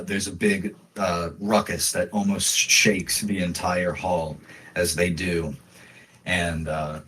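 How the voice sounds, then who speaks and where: Slow-talking male game master. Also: low-pitched. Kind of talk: narrating a tabletop game.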